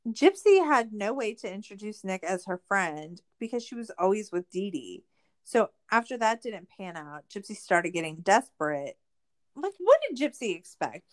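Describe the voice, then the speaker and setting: A woman's voice: sing-song, a little slow. Sarcastic woman recapping a crime story. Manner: sarcastic, swearing, many "like" fillers; voice jumps high when exasperated. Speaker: podcast host. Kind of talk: casual true-crime recap.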